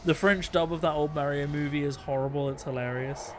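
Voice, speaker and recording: A man's voice: on the high side, fairly even intonation, brisk, noisy background. A man streaming a game, chatting in a joking, rambling way. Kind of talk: casual gaming stream chat.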